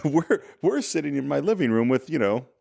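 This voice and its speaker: A man's voice: on the high side, sing-song, normal speed, gravelly, darkish tone. A man co-hosting a casual film podcast from a living room, recapping movie scenes in detail and chuckling often. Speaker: podcast co-host.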